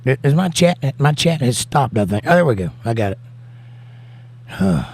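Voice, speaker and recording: A man's voice: medium pitch, very animated, normal speed. A man with a Southern US accent, hosting a casual livestream and reading chat messages aloud. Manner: reads chat messages aloud and answers them warmly. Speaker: livestream host and singer. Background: guitar playing.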